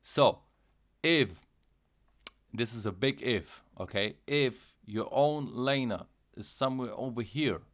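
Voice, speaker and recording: A man's voice: medium pitch, animated, takes it slowly, a bit bright. A young man hosting a casual game tutorial, repeating himself, checking in with "okay" and "guys", and now and then making playful mouth sound effects. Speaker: gaming channel host.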